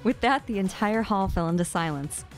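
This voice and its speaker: A woman's voice: mid-range voice, animated, normal speed, faint music behind. A woman podcast co-host reading fan fiction aloud, often breaking into giggles.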